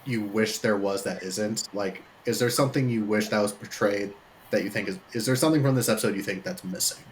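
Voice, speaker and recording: A man hosting a casual podcast interview, asking relaxed, loosely phrased questions. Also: on the low side, brisk, a little hiss or hum. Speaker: podcast host.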